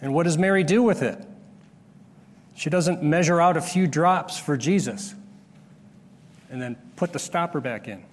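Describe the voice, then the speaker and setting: A man preaching a sermon, explaining a Bible passage step by step and pausing to restart his phrases. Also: on the high side. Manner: explanatory, rises sharply when acting out the disciples' scolding. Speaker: pastor. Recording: long hall reverb.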